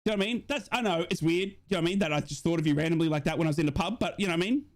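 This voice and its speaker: A man hosting a live stream in casual, matey chat, reading out messages and now and then bursting into excited shouts. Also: on the high side, rapid-fire.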